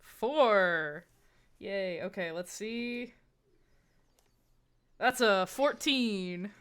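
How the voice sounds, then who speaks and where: A woman's voice: medium pitch, extremely slow, a bit bright, smooth. A woman playing in a tabletop game, chatting casually, swearing freely and laughing easily. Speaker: player.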